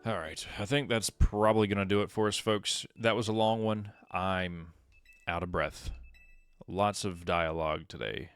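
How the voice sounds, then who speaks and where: A man's voice: low-pitched, fairly even intonation, normal speed, fairly bright tone, smooth, faint music behind. A man casually narrating his video game playthrough with wry, joking asides. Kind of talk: let's play commentary.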